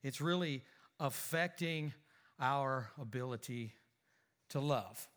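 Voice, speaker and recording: A man preaching a church lesson in a relaxed, joking way with hesitant restarts. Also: medium pitch, slow. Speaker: preacher teaching a lesson series. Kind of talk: sermon.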